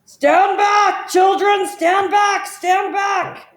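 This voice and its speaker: A woman voicing a bold, heroic male elephant who bellows his commands loudly. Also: expressive, moderate pace. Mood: commanding. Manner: loud, high bellowing. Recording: echoey room, from far off.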